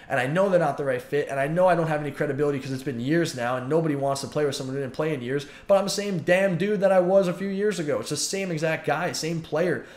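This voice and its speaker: A man's voice: fairly high pitch, fast, hardly any pauses, roomy sound. A man in his twenties venting his frustration in a heated, repetitive vlog monologue. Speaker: YouTuber and pro gamer.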